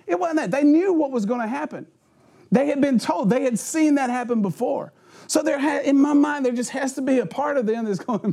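A man's voice: very high voice, a little fast. A man preaching a sermon, telling funny stories, acting out voices and sound effects and laughing often as he talks. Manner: animated, acts out voices and sounds. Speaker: pastor. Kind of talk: sermon with humorous storytelling.

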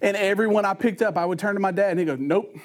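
Brief: male preacher, sermon with homespun stories, high-pitched voice. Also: fairly even intonation, racing. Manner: folksy storytelling, conversational.

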